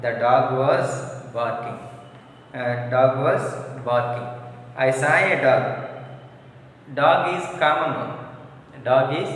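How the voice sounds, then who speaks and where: Male teacher, slow and repetitive, distant mic in a reverberant hall with faint noise. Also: medium pitch, a bit bright. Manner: repetitive, drilling examples aloud. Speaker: English teacher. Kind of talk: classroom grammar lesson. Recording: echoey hall, recorded from afar.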